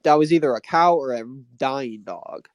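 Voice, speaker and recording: A man's voice: mid-range voice, normal speed, no room sound. A man hosting and judging in casual chat, teasing and comically stern. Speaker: host and judge.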